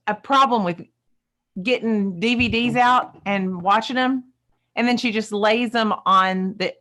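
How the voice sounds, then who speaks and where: A woman's voice: medium pitch, a bit bright. A woman, co-hosting a casual coaching chat and telling stories in an emphatic, folksy way.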